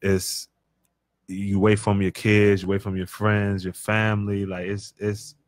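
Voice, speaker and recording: A man's voice: lowish voice, flat delivery, a little slow, no room sound. A man talking as a podcast guest in a laid-back, rambling way, full of fillers and restarts. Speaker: guest, professional basketball player. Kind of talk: casual podcast conversation.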